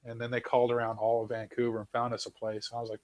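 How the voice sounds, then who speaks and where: A man from New Zealand in casual chat, animated, laughing often and swearing casually. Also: mid-range voice, racing, no room sound. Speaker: host.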